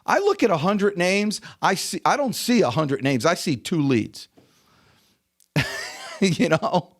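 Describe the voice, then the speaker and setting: A lively American man with a higher voice that rises and falls all over as he tells stories. He talks as a sales coach on a casual interview podcast, animated and chuckling as he makes his points. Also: slow. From United States.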